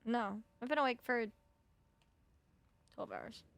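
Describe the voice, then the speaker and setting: A woman's voice: a little high, very animated, slow pace, vocal fry, a bit bright, no room sound. A young woman streaming a video game, chatting casually with her viewers, swearing freely and sounding sleepy. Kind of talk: casual gameplay chat.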